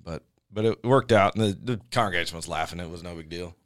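A man, a podcast host and worship leader who tells stories in a jokey, animated way. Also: low voice, fast talker, dry recording, studio quality. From United States. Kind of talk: casual chat.

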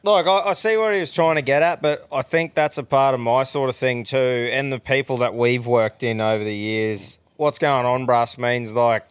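A man's voice: mid-range voice, fairly even intonation, moderate pace, hardly any pauses, clean tone, no echo. Australian male co-host, mid voice, blunt easygoing chat, dry. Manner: blunt, sweary, laid-back banter. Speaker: podcast co-host. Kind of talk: casual chat.

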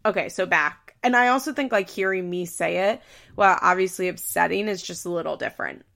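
A woman's voice: lowish voice, brisk, vocal fry, a bit bright. A woman hosting a podcast, giving casual commentary in a chatty way full of fillers. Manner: chatty, heavy on fillers like "like" and "you know". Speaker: podcast host.

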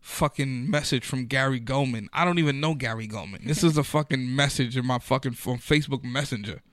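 A man's voice: mid-range voice, fairly quick, a bit bright, dry recording. A man, a comedian, telling stories in a loose, profane, slang-filled manner during a casual podcast chat.

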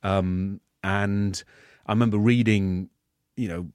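Guest in his 50s, low-pitched, halting delivery, dry close sound. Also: steady tone, darkish tone, clear, resonant tone, no echo. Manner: halting, many restarts. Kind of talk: interview.

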